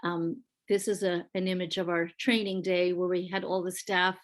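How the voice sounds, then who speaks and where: A woman's voice: fairly low pitch, little pitch movement, moderate pace. A woman, an early-years school leader, giving an earnest, conversational presentation with slides over a video call, with fillers and restarts. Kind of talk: online panel presentation with slides.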